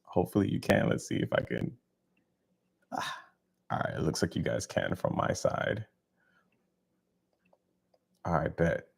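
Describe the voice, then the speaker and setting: Deep-voiced guy on a live stream, chill and slangy, hypes everyone up. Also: animated, a little slow, vocal fry, long pauses, husky. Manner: laid-back, slangy, encouraging, laughs often. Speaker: live stream host, spiritual healer. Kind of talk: casual live stream talk.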